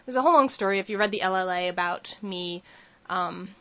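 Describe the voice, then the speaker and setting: A young woman co-hosting a casual podcast, telling stories in a giggly, animated way and acting out what people said. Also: mid-range voice, brisk. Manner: giggly, animated storytelling with acted-out quotes. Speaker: podcast co-host. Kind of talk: casual chat.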